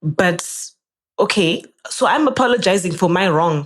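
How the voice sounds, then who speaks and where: Young woman telling a story on a podcast, lowish voice, gets really animated. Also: normal speed. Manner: animated, jumps up in pitch when quoting people. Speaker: podcast guest. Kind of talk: casual storytelling.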